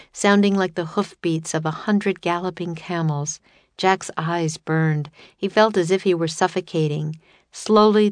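A woman narrating a children's chapter book in a steady, expressive reading. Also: low-pitched, no echo. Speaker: audiobook narrator. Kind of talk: scripted storybook narration.

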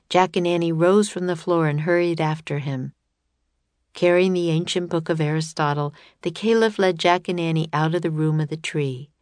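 A woman reading a children's chapter book aloud as narrator, calm and measured. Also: sits low, dry recording. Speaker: audiobook narrator. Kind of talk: scripted narration.

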